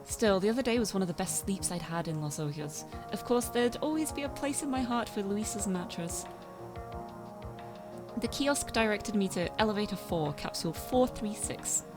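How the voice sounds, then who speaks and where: Streamer narrating a weary young driver in first person, quietly uneasy, mid-pitched, faint game music. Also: female voice, animated, moderate pace, natural voice.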